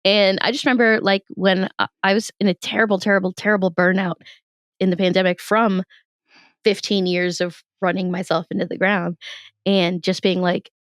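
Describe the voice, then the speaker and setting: A woman's voice: medium pitch, moderate pace, clean tone, no room sound. A young woman, a comedian, telling stories in a casual interview, laughing often and acting out what people said. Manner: animated storytelling, laughs often, acts out quotes. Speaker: podcast guest, comedian. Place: in her bed.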